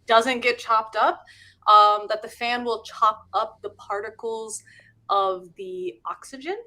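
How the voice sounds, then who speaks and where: A woman's voice: a little high, steady tone, slow, bright, forceful tone. A middle-aged woman hosting a live show, chatting casually and laughing as she explains things. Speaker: host and teacher. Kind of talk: casual live-stream chat.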